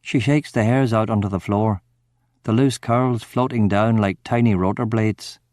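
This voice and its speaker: A man giving steady, measured first-person narration of a crime novel audiobook. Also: lowish voice, no room sound, clean studio sound.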